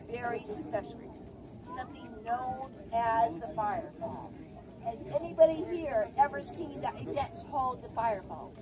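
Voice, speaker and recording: Brief: animated woman ranger telling stories outdoors, high voice, noisy open-air camera audio. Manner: animated storytelling, shouts out lines. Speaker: park ranger. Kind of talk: spirited outdoor ranger talk. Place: outdoor amphitheater at sunset.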